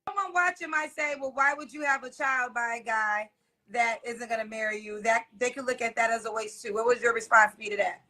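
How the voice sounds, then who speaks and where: A woman interviewing a guest, calmly putting a question to her. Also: on the high side, brisk.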